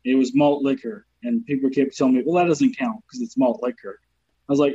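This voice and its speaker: A man's voice: mid-range voice, a little fast, husky, highs cut off. A man with a Southern accent, a comedian guest, telling profane stories in casual podcast chat. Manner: profane, animated storytelling with acted quotes.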